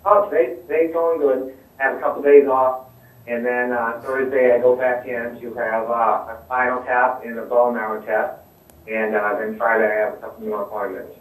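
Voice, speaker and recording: A man's voice: mid-range voice, normal speed. A man talking as a guest in a casual chat, easygoing and full of fillers, heard over a remote call. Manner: easygoing, relaxed talk with many fillers. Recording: roomy, distant remote audio.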